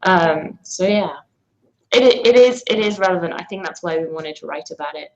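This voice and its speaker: A woman's voice: on the low side, lively intonation, normal speed, highs cut off. A woman from London with a London accent, a musician chatting casually in an interview and laughing easily between hesitant fillers. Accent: London English. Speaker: musician guest.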